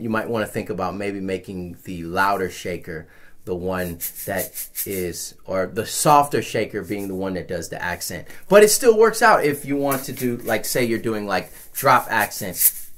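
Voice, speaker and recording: A man teaching how to play shakers, talking in a relaxed, rambling way with frequent restarts. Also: lowish voice, moderate pace. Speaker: music teacher. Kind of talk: casual instructional talk.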